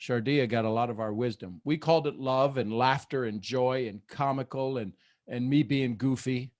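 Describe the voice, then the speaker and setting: A man, hosting a group video call as a mentor, animated and goofy, often repeating words as he talks. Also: medium pitch, moderate pace.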